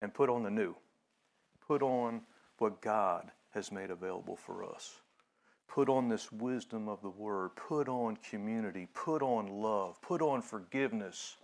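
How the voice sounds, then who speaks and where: A male pastor giving a conversational sermon, with many fillers and restarts, and growing animated when he retells a story. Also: lowish voice, measured pace, gravelly.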